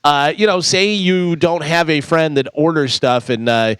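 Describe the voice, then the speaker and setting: A man's voice: on the high side, measured pace, a bit bright, clean tone, no room sound. A man on a morning radio show who reads the sponsor spots and news in a plain, chatty studio manner. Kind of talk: casual radio banter and read ads and news. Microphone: studio microphone.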